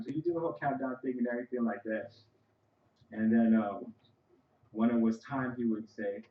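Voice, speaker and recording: A man's voice: medium pitch, fairly even intonation, fairly quick, long pauses, reverberant, narrow, tinny audio. A man, a son, giving a conversational, story-filled eulogy for his father at a funeral. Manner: conversational and storytelling, with frequent "you know" asides. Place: church sanctuary.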